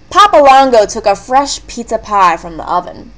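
A woman reading a leveled children's book aloud, clear and expressive. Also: on the high side, normal speed, few pauses. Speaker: storybook reader.

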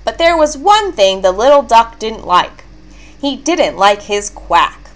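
Slow, expressive woman reading a story. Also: mid-range voice. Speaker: narrator.

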